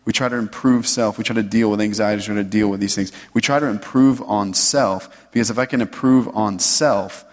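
A man giving a conversational sermon, loose and animated, often checking in with "right?". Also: on the low side, brisk, hardly any pauses, big-room sound. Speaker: preacher.

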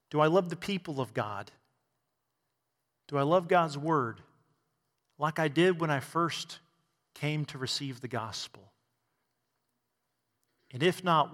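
A man's voice: on the high side, a bit bright, in a large hall. A man preaching a sermon to a congregation, asking rhetorical questions and adding bits of humor. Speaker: pastor.

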